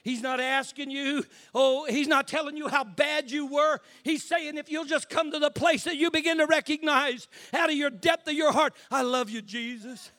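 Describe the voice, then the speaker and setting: An older man preaching an impassioned sermon as a bishop, dropping to hushed asides and rising to shouts. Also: very high-pitched, fairly even intonation, normal speed, hardly any pauses.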